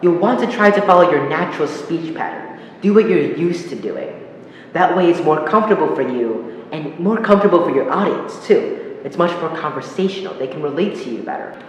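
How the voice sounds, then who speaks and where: A man with a fairly high voice gives a public speaking lesson, explaining calmly and acting out example sentences. He sounds far back in a big, very echoey hall with a long reverb tail. A faint noise sits under him. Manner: explanatory, demonstrates intonation with examples. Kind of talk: instructional talk to camera.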